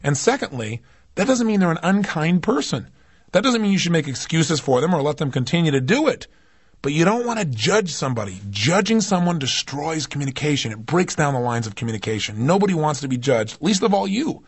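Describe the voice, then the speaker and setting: A male self-help speaker with a husky, breathy edge, talking in a fairly high register. He swings between quiet, confiding asides and forceful, rising emphasis as he teaches. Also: big pitch swings, brisk, no echo. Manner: emphatic, swings between low intimate asides and raised intensity. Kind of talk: recorded motivational lecture.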